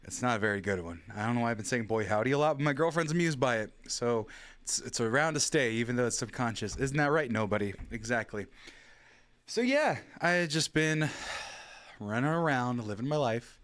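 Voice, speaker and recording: A man hosting a casual show, hoarse and out of breath from yelling, rambling and joking. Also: mid-range voice, brisk. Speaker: podcast host. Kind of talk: casual chat.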